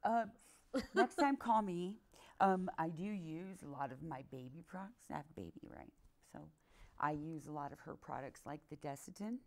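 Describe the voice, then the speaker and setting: A woman with a notably deep voice and a gravelly fry running through her speech. She chats casually on a podcast, often giving short supportive replies and sometimes telling her own stories. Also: lively intonation, normal speed. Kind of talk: casual chat.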